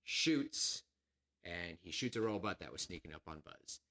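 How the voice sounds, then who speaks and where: A man with a drawl co-hosts a casual podcast. He rambles, gets excitable and acts out scenes as he talks. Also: low voice, moderate pace, vocal fry. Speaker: podcast co-host. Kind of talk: casual chat.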